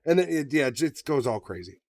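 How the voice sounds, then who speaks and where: A man co-hosting a podcast, chatting casually, profane and animated, often acting out voices. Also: mid-range voice, a little fast, no echo. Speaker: podcast co-host. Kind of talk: casual banter.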